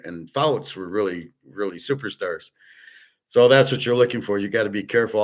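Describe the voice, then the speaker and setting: A man's voice: lowish voice, fairly bright tone, rough recording. A middle-aged man hosting, talking in a blunt, opinionated, rambling way and swearing at times. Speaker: host. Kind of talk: casual rambling monologue.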